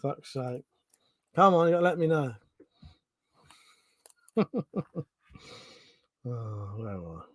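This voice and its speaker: A man's voice: mid-range voice, expressive, slow pace, pauses often, no echo. A man with a Home Counties English accent hosting a casual live stream, reading out chat questions, thinking aloud and swearing freely.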